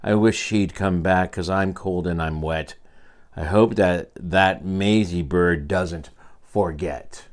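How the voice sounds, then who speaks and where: A grandfather reading aloud, voicing a faithful, patient male elephant in a slow, low, plodding way. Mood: glum.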